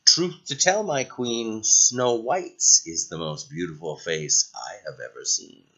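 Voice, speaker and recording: A man voicing a magic mirror in a storybook, speaking low and slowly. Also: bright, forceful tone, breathy edge, muffled recording, full character voice. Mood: solemn. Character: magic mirror face, solemn and truthful.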